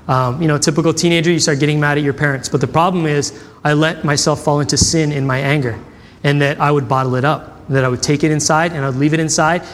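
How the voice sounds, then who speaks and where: A man's voice: fairly high pitch, in a large hall, slight background noise. A man preaching a sermon, telling personal stories in a conversational way and acting out the dialogue. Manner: conversational, acts out quoted dialogue. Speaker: pastor.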